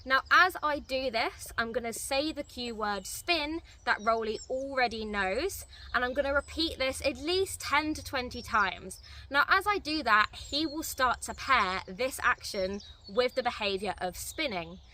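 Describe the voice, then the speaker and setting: Woman, dog trainer, bright higher voice, clear step-by-step explaining, distant mic outdoors, faint birdsong. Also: expressive, unhurried, a little hiss or hum. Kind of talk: instructional tutorial.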